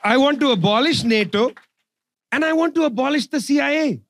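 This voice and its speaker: A man's voice: extremely high pitch, fairly quick, noisy background. A man giving an impassioned political speech, sarcastic and emphatic, hammering points home through repetition. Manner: sarcastic, emphatic, repeats phrases. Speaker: public speaker.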